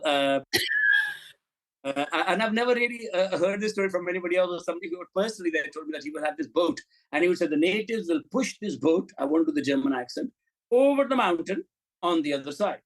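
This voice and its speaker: A man's voice: fairly high pitch, rough recording. A middle-aged man, a film director as interview guest, telling candid, blunt stories and acting out the dialogue in them. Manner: animated anecdotes, blunt and profane, acts out quoted dialogue.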